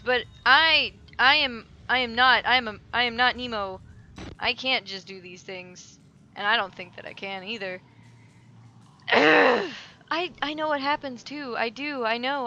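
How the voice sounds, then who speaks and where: A woman's voice: fairly high pitch, animated, moderate pace, bright, forceful tone, highs cut off. A young woman commentating a horror game while scared, jumpy and exclaiming, breaking into nervous laughter. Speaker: gameplay commentator. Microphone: desk microphone, knocked about. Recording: faint background noise.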